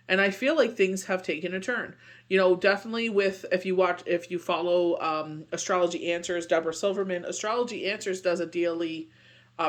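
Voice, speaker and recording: Tarot reader, male, high voice, rambling and reassuring, casual. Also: a bit bright. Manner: rambling, heavy on "you know" and "like"; earnest and reassuring. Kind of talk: casual daily tarot reading.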